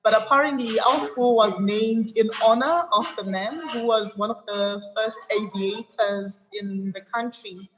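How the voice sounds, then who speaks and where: A South African woman in her thirties tells her story in an interview. Her voice sits a little high, and she moves through the details at a measured pace, filling the gaps with ums. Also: a bit bright, a little hiss or hum, poor audio. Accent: South African English. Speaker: guest. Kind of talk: interview conversation.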